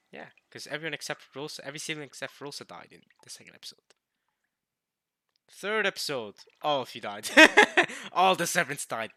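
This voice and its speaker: A man with a very bright, forward voice comments casually as he plays through a visual novel. He thinks aloud, often sounds puzzled, and keeps breaking off and restarting his sentences. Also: mid-range voice, slight background noise. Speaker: let's play host.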